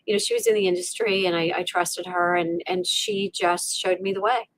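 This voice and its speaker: A middle-aged woman telling a personal story as an interview guest, animated and full of fillers, acting out her own inner voice. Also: medium pitch, normal speed, gravelly. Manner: many fillers and restarts like "you know" and "like". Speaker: podcast guest.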